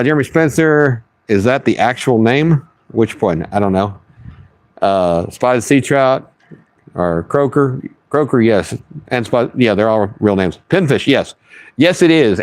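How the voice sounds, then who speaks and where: A medium-pitched man is live-streaming as he fishes outdoors on the water, chatting in a folksy, casual way and reading his chat out loud. There's no echo on his voice.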